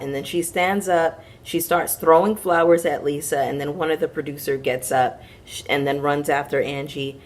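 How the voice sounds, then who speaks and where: A woman with a low voice recapping reality TV for her viewers. She talks frankly and with sass, tossing in slangy asides as she goes. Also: fairly even intonation, moderate pace, a little hiss or hum. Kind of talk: casual commentary recap.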